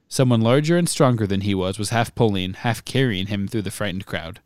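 A podcast host reading a book chapter aloud in measured, even narration. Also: male voice, fairly low pitch, no room sound, studio quality.

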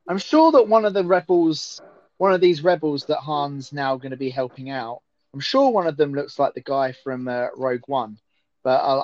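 Guy hosting a watch-along, a bit high, jokey, dull dry mic sound. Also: darkish tone, dry recording. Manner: jokey, reads out viewer messages. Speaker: host. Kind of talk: casual watch-along chat.

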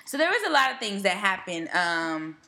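On a podcast she co-hosts, a young woman tells stories in an animated, casual way, slangy and full of jokes. Her voice sits in the mid range and moves at a moderate pace. It's relaxed, chatty talk.

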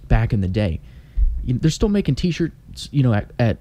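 A man talking casually on a podcast, halting often and filling gaps with "you know". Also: medium pitch, very animated, dark tone. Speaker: podcast co-host. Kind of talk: casual chat.

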